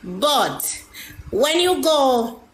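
A woman's voice: sits high, big pitch swings, very slow, slight background noise. Blunt woman in an echoey room. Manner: blunt, commanding. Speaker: live stream host.

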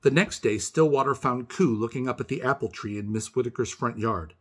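A man's voice: medium pitch, brisk. A man reading a picture book aloud for a kindergarten class, expressively, pointing out the pictures. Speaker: storybook reader for kindergarten. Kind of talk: children's read-aloud narration.

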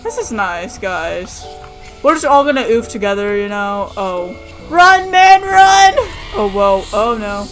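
A gaming channel host giving let's-play commentary, jumpy and excitable, breaking into sudden yelps and nervous chatter while playing. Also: mid-range voice, measured pace, soft background music.

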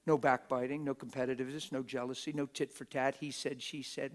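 Middle-aged male preacher, plain street talk, dramatic whisper-to-shout delivery, even mid pitch. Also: brisk, few pauses. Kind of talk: sermon. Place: church auditorium.

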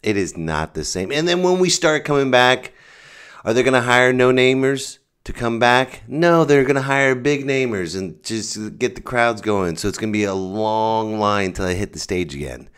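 A man's voice: mid-range voice, expressive, moderate pace, a bit bright, smooth. A man who is a stand-up comedian, hosting his comedy podcast in a jokey, self-mocking monologue.

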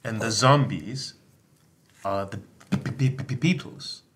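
A man playing a tabletop game, speaking in a deliberate, somewhat formal way and sometimes stammering. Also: fairly low pitch, fairly bright tone. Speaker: player.

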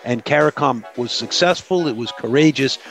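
A man's voice: medium pitch, moderate pace, faint music behind. A man being interviewed as a human rights advocate, explaining in an earnest way with frequent restarts. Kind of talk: podcast interview conversation.

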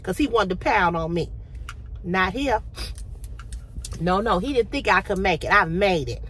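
A middle-aged woman vlogging to her phone camera, blunt and profane, with a throat tickle, going from low talk to impassioned near-shouting. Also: lively intonation, unhurried, pauses often, husky. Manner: preachy, rising to impassioned shouting.

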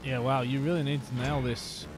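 A man's voice: mid-range voice, flat delivery, moderate pace, noisy background. A man streaming a motorbike game, chatting playfully with viewers and dropping into whispers now and then. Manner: playful, teasing chat with viewers, drops into whispers. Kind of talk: casual live-stream chat.

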